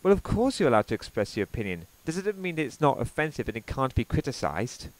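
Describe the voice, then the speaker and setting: A man's voice: mid-range voice, sing-song, quick pace, poor audio. A young Welsh man with a Welsh accent giving sarcastic, swear-filled commentary on a video he is reacting to. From Wales.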